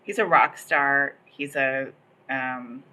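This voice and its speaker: A very deep-voiced woman takes her time, speaking slowly in a bright, forceful tone. She hosts a casual livestream in the Los Angeles area, wandering through a long personal story loaded with filler words, especially "like" and "um."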